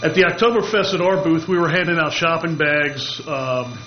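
Man, community announcements, friendly, frequent fillers, higher voice, muffled audio, humming background. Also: moderate pace. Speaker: chamber of commerce representative. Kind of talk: community announcements at a public meeting. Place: public meeting room. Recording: muffled meeting audio with clear hum.

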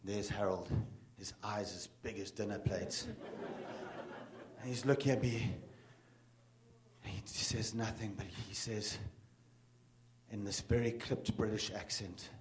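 A man's voice: on the low side, fairly even intonation, slow, pauses often. A man giving a live talk as a bird guide and author, telling a dramatic story with bursts of emphasis. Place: talk in front of an audience.

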